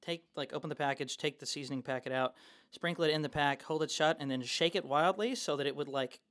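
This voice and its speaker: A man's voice: fairly high pitch, fast talker, fairly bright tone. A man co-hosting a podcast as a game master, rambling casually and swearing freely. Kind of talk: casual chat.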